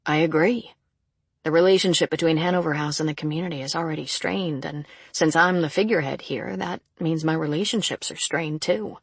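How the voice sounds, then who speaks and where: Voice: mid-range voice, brisk, creaky, slightly rough, dry recording. A reader voicing an earnest woman psychologist. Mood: firm. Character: sharp-minded woman criminal psychologist, earnest. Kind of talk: audiobook character reading.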